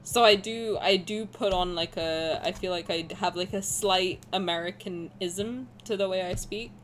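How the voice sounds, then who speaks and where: A woman in her twenties with a posh southern English accent, streaming a game and chatting through it in rambling, animated asides. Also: lowish voice, normal speed, a little hiss or hum. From south of England. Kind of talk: gaming commentary and reading aloud.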